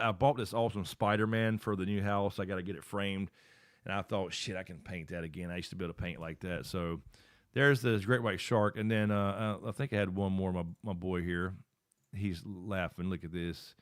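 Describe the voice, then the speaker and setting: Low-voiced, rambling middle-aged streamer. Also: male voice, a little fast, smooth, no echo, studio quality. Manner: rambling and loose, thinking aloud while working the screen. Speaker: live-stream host. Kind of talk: casual live-stream chat.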